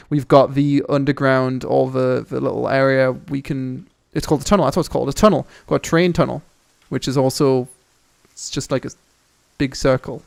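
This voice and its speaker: A young man hosting a gaming channel, giving excitable, rambling, swear-filled commentary as he tours a game map. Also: medium pitch, gravelly.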